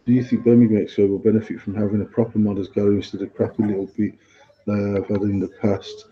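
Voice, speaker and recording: Low-pitched, level and fast with a breathy edge, a podcast co-host drifts through casual conversation, profanity sprinkled in as he says things twice. Dull lo-fi sound throughout.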